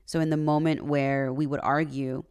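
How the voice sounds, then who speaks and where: In her personal faith podcast, this woman talks about marriage and belief in a heartfelt, confessional manner, occasionally becoming emotional. She speaks low, with little pitch movement, at a moderate pace, her voice a little mellow, clear and resonant.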